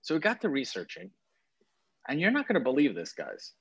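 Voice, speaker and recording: A man's voice: mid-range voice, a little fast, creaky, husky, lo-fi sound. A man co-hosting a podcast, chatting enthusiastically about sports cards and correcting himself as he goes. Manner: enthusiastic, lively, self-correcting. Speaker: podcast co-host. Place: on a trip, away from home.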